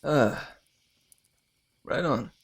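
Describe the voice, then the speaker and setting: A male streamer and voice actor chatting casually with viewers, relaxed and slangy, laughing often. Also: mid-range voice, drawn-out words, husky.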